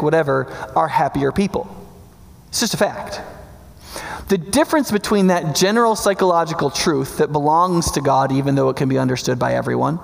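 Gravelly-voiced preacher in a reverberant hall. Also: male voice, fairly high pitch. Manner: conversational teaching with frequent "right?" check-ins. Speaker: pastor. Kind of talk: sermon.

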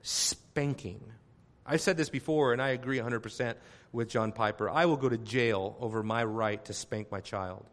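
A man preaching a sermon to his congregation. He talks emphatically, repeats phrases to drive his point home, and swings from quiet asides to loud exclamations. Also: mid-range voice, normal speed.

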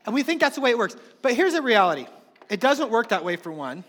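High-voiced man preaching in a hall. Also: fast talker. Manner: animated, acts out quoted voices. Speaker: pastor. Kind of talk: sermon. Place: church hall with congregation. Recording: long reverb of a large hall.

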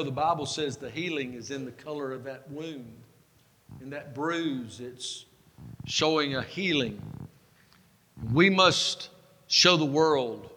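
A pastor preaching a sermon, folksy and self-mocking, building to fervent preaching. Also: male voice, fairly high pitch, bright, forceful tone, a little hiss or hum. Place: church sanctuary. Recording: long hall reverb.

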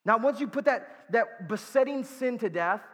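A man's voice: extremely high pitch, lively intonation, moderate pace, fairly bright tone, in a large hall. A man preaching a sermon as pastor, earnest and emphatic, repeating key words for weight and dropping in casual asides.

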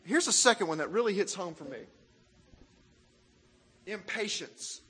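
A man from Arkansas, preaching a sermon in an animated, self-mocking way and asking the crowd questions. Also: sits high, a little slow, breathy edge, long reverb tail. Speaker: pastor.

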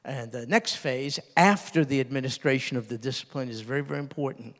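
An older man preaching a sermon who talks earnestly and drops low and soft when he quotes tender words. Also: fairly quick. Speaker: pastor. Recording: long reverb.

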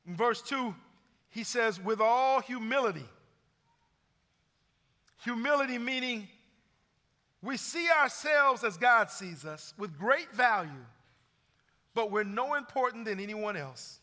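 A man's voice: very high voice, expressive, slow pace, pauses often, bright, forceful tone. A middle-aged man preaching a sermon as pastor, building emphasis and retelling stories with energy. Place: church sanctuary. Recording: long hall reverb.

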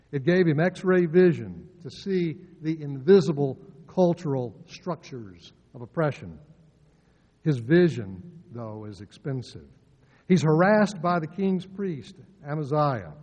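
An older man preaching in a storytelling way, dropping to quiet asides and then rising to forceful emphasis. His voice sits a little high for a man. The sound is slightly dull and rings with a long hall echo, as in a church sanctuary. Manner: storytelling, shifting from soft asides to loud emphatic lines. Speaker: pastor. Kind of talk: sermon.

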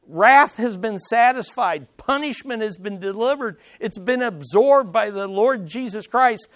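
High-voiced pastor preaching emphatically. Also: male voice, expressive, measured pace, a bit bright. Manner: preaching with emphatic swells and voiced quotes of scripture. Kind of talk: sermon.

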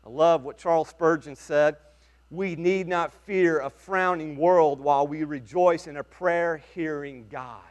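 A man preaching a sermon as pastor, earnest and emphatic, with dramatic pauses. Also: fairly high pitch.

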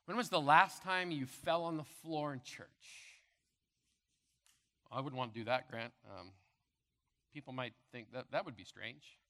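A man preaching a sermon as pastor with impassioned delivery, rising to loud proclamations and dropping to hushed tones. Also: medium pitch, unhurried, long pauses. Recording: long reverb of a large hall.

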